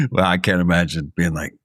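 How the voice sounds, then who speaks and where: A man's voice: deep voice, fairly bright tone, no echo, studio quality. A man co-hosting a podcast, a character actor talking in a playful, self-deprecating casual chat.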